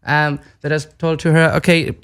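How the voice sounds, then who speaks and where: A man's voice: a little high, little pitch movement, normal speed, fairly bright tone, smooth. A man with a German accent, a radio guest who speaks hesitant English, searching for words. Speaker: talk show guest. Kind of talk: casual chat.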